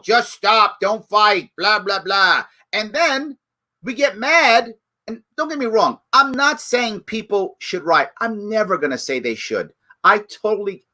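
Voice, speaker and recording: A middle-aged man with a bright, forceful voice holds forth as host of a live show. He talks emphatically, hammering his points through repetition, now pleading, now scolding. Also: sits high. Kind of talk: impassioned live commentary.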